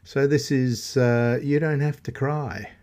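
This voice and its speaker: Male radio host of middling pitch, easygoing and jokey, slips in ums between track introductions. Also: slow, a little mellow. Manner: joking asides, hesitant fillers. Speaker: radio music show host. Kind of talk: casual radio presenting.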